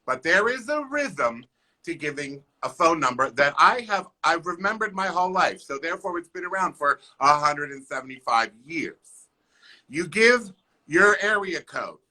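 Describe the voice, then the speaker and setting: Comic man, high and bright, unhurried, theatrical, scats rhythms. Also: very animated. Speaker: comedian guest. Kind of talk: comic monologue on a live stream.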